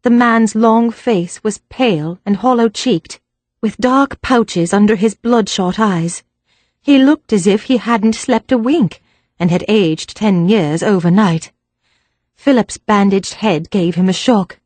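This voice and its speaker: A woman narrating a mystery audiobook in an even, measured reading. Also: medium pitch, no room sound. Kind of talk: scripted narration.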